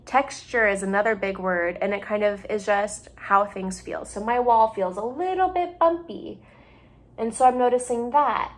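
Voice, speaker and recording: A woman's voice: medium pitch, moderate pace. A young woman, a psychology doctoral student, talking at home in a patient, plain-spoken way, giving simple examples meant for children. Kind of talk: gentle explanatory talk for families.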